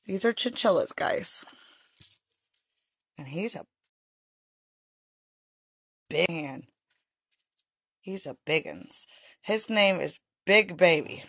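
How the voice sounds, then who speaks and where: A woman's voice: fairly low pitch, animated, takes it slowly, long pauses, fairly bright tone, husky. A woman chatting casually to viewers on a phone livestream at home, talking straight to them. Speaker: livestreaming chinchilla breeder. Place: home with stairs. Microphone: handheld phone.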